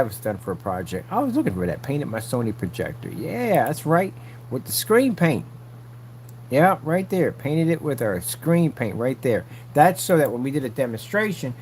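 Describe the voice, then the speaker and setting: Man hosting a vlog, rambly and repetitive, slangy, lively swinging pitch, faint hum behind. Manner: animated, repetitive, talks straight to viewers, frequent slang. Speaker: channel host showing his screen technology. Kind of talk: casual rambling vlog monologue.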